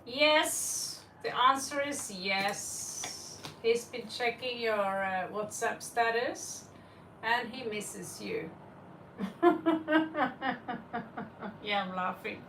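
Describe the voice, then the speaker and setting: A woman's voice: fairly high pitch, slow pace, sharp tone, far from the mic, a little hiss or hum. Giggly woman tarot reader, echoey room. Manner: giggly, laughs often. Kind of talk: live-stream chat.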